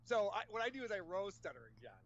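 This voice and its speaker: A sarcastic, mocking man in casual podcast chat, his voice high for a man and swinging widely in pitch. The audio is slightly dull, with faint background noise. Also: big pitch swings, fast, a bit bright. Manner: sarcastic, mocking, laughs often. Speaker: podcast guest.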